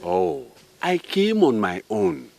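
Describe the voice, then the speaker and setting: A man playing a calm, dignified envoy from a neighbouring village, speaking slowly and solemnly. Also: high-pitched, creaky, soft background music, full character voice. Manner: slow, measured, solemn.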